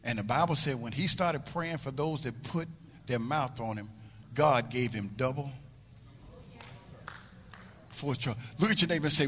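A man's voice: medium pitch, normal speed, long pauses, a bit bright, big-room sound, slight background noise. A male pastor preaching a sermon, emphatic and repetitive, stretching phrases out for effect.

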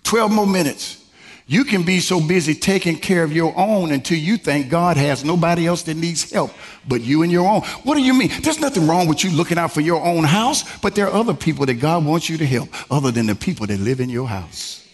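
A male pastor preaching a sermon in a style, swinging from low murmurs to high exclamations. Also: fairly quick. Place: church sanctuary. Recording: long reverb from a large church hall.

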